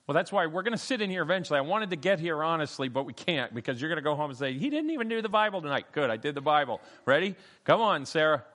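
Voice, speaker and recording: A man's voice: fairly high pitch, quick pace, hardly any pauses, fairly bright tone. Playful middle-aged man teaching Bible class. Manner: playful, calls on students by name, many fillers. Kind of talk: interactive Bible study class.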